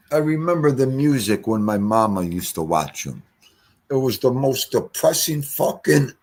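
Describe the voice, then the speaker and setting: Husky, rambling older male streamer. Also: mid-range voice. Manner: profane, rambling, loud swings in volume. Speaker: livestream host. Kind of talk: casual livestream chat.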